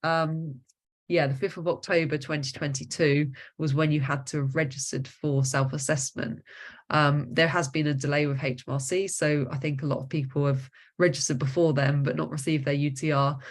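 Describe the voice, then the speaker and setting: A woman's voice: sits low, fairly even intonation, normal speed. Woman giving hesitant tax advice. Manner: hesitant, many ums and restarts. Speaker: accountant guest. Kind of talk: casual advice in an online workshop.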